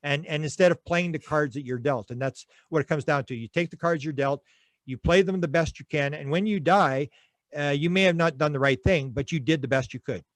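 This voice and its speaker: A man's voice: fairly high pitch, fairly quick, no room sound. A man being interviewed, telling stories in a rambling way with many restarts. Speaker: interview guest. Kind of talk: conversational interview.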